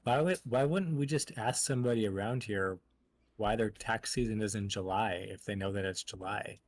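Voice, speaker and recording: A man's voice: on the low side, moderate pace. A man playing in a tabletop game, matter-of-fact and practical. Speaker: player.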